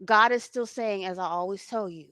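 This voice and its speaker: A woman's voice: medium pitch, moderate pace, a bit bright, no echo, studio quality. A woman hosting a casual spiritual talk. She speaks with slangy passion, swears freely and keeps checking in with her listeners. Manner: talks to her audience directly, checks in with "okay?". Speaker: spiritual reader and host.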